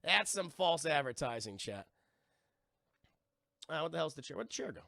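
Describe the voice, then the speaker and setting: An excitable, profane man streaming a film review and chatting with his viewers. His voice is high and very bright, with a gravelly fry. The sound is close and dry. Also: normal speed, no echo. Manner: profane, excitable, talks to the chat.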